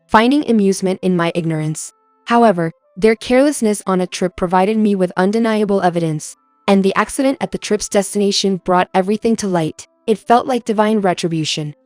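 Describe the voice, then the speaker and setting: A woman's voice: medium pitch, brisk, dry recording, soft background music. Woman narrating a dramatic story. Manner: even, storytelling. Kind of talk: scripted narration.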